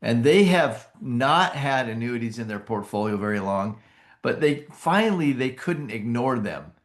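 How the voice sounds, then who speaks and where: Enthusiastic man giving a sales pitch. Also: animated, measured pace. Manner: enthusiastic, self-correcting, restarts phrases. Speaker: company presenter pitching annuity sales.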